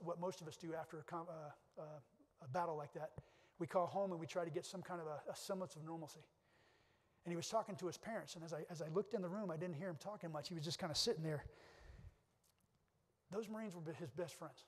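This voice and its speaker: Middle-aged male keynote speaker, quick earnest delivery, lingering hall reverb. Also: sits high. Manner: earnest storytelling with repeated restarts. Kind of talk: motivational speech with personal stories. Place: conference hall.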